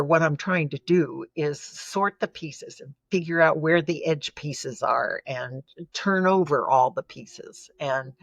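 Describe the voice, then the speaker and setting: A woman's voice: sits low, breathy edge, no room sound. A woman giving an earnest, emotional personal testimony as a guest in an interview. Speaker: podcast guest.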